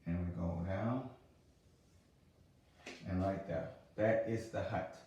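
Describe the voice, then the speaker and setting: Guy teaching letters, low mellow voice, says sounds over and over, big echoey room. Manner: repeats pronunciations slowly and patiently. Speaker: religious language teacher. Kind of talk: teaching a lesson. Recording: roomy sound from a distant mic.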